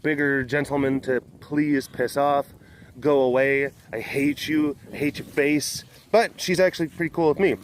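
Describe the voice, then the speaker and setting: A man's voice: mid-range voice, a little hiss or hum. A man in a mid-range voice chats casually outdoors at a big cat sanctuary. He rambles and jokes in an unscripted way, with lots of fillers and restarts. He sounds like someone who guides tours there. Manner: chatty and joking, with many fillers and restarts. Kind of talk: casual rambling vlog chat.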